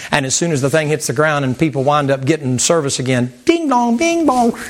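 A man preaching a sermon to a congregation in a folksy, animated way, repeating words and mimicking sounds. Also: mid-range voice, fast, slight background noise. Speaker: pastor. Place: church sanctuary with congregation.

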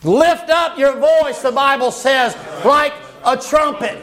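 A man's voice: very high-pitched, slow, crowd noise. A man, preaching a fervent, folksy revival sermon and hollering his points.

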